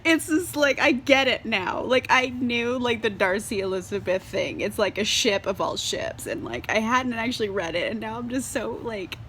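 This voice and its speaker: A woman's voice: fairly high pitch, lively intonation, normal speed, few pauses, fairly bright tone, slight background noise. Tipsy, giggly, swearing woman book vlogger. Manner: bubbly, swears freely, laughs often, says "like" a lot. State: tipsy from wine. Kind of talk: casual book review vlog.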